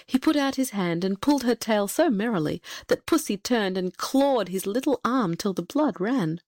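A woman narrating a fairy tale in a steady, expressive read-aloud manner. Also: medium pitch, normal speed, dry recording, studio quality. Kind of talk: storybook narration.

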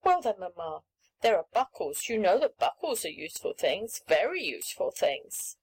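A woman voicing an eager little girl of about seven who pleads for pretty things, speaking high and excited. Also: moderate pace, slight background noise, natural voice, poor audio.

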